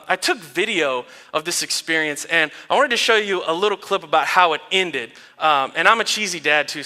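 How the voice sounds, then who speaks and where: High, bright-voiced man preaching casually. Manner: casual, storytelling, laughs often. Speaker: pastor. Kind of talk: sermon. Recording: long reverb of a large hall.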